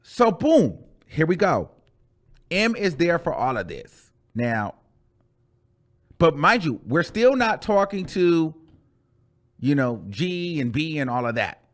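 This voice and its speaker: A man telling a storytime rant on his channel in a chatty, animated way, calling the listener "girl" and repeating phrases for emphasis. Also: on the high side, takes it slowly, pauses often. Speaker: YouTuber.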